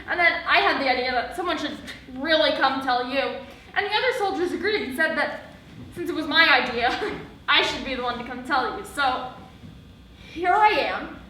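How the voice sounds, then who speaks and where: Teen girl as a flustered soldier boy, rambling, giggly, high bright voice, very echoey hall, distant mic. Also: lively intonation, normal speed, a little hiss or hum. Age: teens. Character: bumbling, nervous young male soldier. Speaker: student actor. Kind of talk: live high school stage play. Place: school theatre stage.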